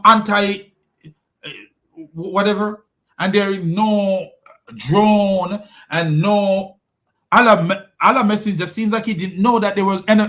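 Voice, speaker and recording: Sarcastic high-voiced man. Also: a bit bright. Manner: sarcastic, laughing, exclamatory. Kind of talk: mocking religious commentary.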